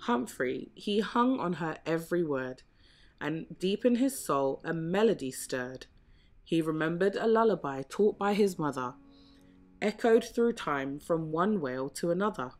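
A woman reading a rhyming picture book aloud in a gentle, measured way. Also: lowish voice, expressive. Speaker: storybook reader. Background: soft background music.

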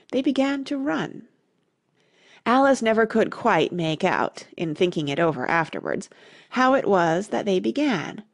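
Woman reading an audiobook, lively up and down voice, kinda gravelly. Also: mid-range voice, dry recording, studio quality. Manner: expressive storytelling. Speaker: audiobook narrator. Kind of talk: scripted narration.

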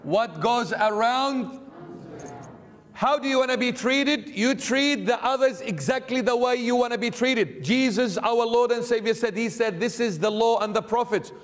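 A high-voiced man preaches an emphatic sermon, pressing his listeners with one rhetorical question after another. His words ring out with a long church reverb. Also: measured pace. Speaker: bishop preaching.

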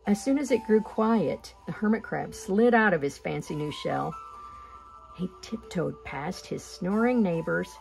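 A woman reading a children's picture book aloud with gentle, expressive pacing. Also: lowish voice, measured pace, gravelly, soft background music. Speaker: storyteller.

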